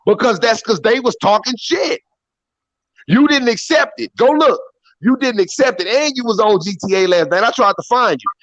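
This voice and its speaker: Profane, insistent high-voiced American man. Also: expressive, normal speed, a bit bright, no echo, dull audio. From United States. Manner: profane, insistent storyteller who keeps talking over others. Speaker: panel guest. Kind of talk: heated call-in panel talk.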